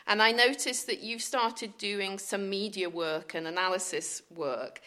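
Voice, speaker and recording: Woman, podcast co-host, teasing, bright clear voice. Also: mid-range voice, a little slow. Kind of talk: casual podcast chat.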